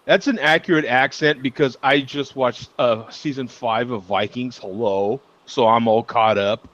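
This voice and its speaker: A man's voice: medium pitch, a little slow, muffled recording. A man hosting a casual chat over beers on a video call, laughing often as he tells stories. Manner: laughs often, animated storytelling. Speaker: host.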